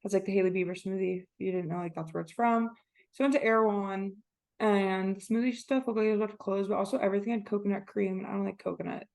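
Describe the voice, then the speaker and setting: A young woman from the Orlando area co-hosts a podcast, telling stories in casual chat and acting out what people said. Her mid-range voice is gravelly and a little mellow, fast with fairly even intonation.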